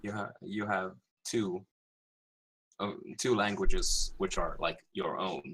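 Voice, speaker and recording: A young Swedish man speaks English as a guest on a casual podcast. His voice sits low, and his talk is measured, with a faint hiss under the recording. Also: steady tone, a bit bright, low-quality recording. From Sweden. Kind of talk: casual chat.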